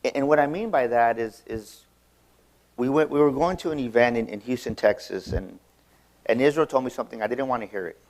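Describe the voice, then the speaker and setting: A man's voice: mid-range voice, a little fast, a little mellow. A man giving a motivational seminar talk, telling a personal story with emphatic delivery and frequent repeated words and restarts. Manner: emphatic, acts out quoted dialogue. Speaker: motivational speaker.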